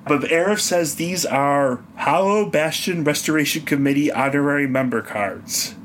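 Male co-host, mid-pitched, wry and laughing, faint hum underneath. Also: normal speed, a bit bright. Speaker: podcast co-host. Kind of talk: casual gaming chat.

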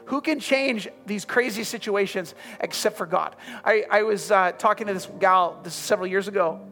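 A man preaching a sermon to a congregation, firing off emphatic questions and then dropping into soft, hushed prayer. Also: high voice, moderate pace. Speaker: pastor. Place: church room with congregation. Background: soft music.

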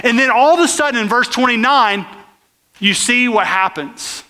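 Brief: male pastor, high bright voice, chatty sermon, asks the room questions. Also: moderate pace, big-room sound. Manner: conversational, questions the crowd directly.

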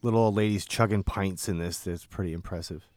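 A man's voice: low-pitched, fairly even intonation, fairly quick, a little mellow, no echo, studio quality. A man co-hosting a podcast, chiming in with wry, offhand remarks. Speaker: podcast co-host. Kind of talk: casual movie review chat.

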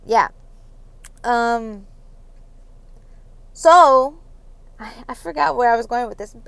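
A woman's voice: on the high side, clear, resonant tone, no room sound. A young woman hosting a solo podcast, rambling through personal stories with many ums and nervous little laughs. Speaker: podcast host. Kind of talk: casual solo podcast confession.

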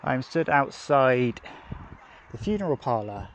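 A man's voice: mid-range voice, big pitch swings, measured pace, low-quality recording. A man hosting a podcast, talking casually and reflectively into his phone while walking outdoors, with restarts and asides. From England, grew up in Devon. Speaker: podcast host. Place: outdoors, walking past streets and a cemetery. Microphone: phone held while walking. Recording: phone recording outdoors with clear traffic noise. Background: passing cars and urban street noise.

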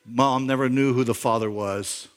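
A middle-aged male pastor giving a sermon, telling a story conversationally, with lines that climb louder and higher for emphasis. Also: steady tone, normal speed. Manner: conversational storytelling, imagining a backstory aloud; rises in pitch and volume for emphasis.

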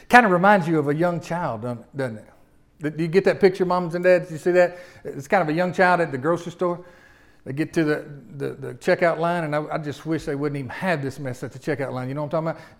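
A male preacher giving an animated sermon and often putting questions to his congregation. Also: fairly high pitch.

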